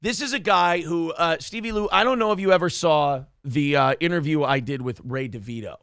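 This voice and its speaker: Guy with a high gravelly voice hosting a podcast, animated storyteller, dry close sound. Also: a little fast, dry recording. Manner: animated storytelling, mimics people in funny voices. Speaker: podcast host. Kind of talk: casual podcast chat.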